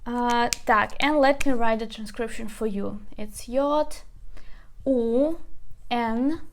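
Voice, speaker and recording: Woman teacher, a touch high, very slow and deliberate delivery. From Ukraine. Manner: slow and careful, repeats words for learners. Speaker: language teacher. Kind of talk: slow explanatory lesson.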